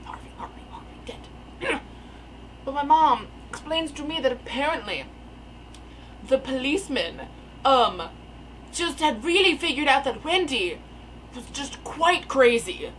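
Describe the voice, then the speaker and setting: A young woman telling a rambling, animated story in casual storytime style from her attic room. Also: sits high, unhurried, a little hiss or hum, rough recording. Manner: rambling, animated, filler-heavy. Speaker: storyteller vlogger. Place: attic bedroom. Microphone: camera mic.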